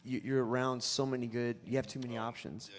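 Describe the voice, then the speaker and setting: A man's voice: mid-range voice, fairly quick, in a large hall. A man working in a guitar shop, co-hosting a live Q&A in casual, joking chat. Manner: joking, animated, breaks into sung and put-on bits. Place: music store.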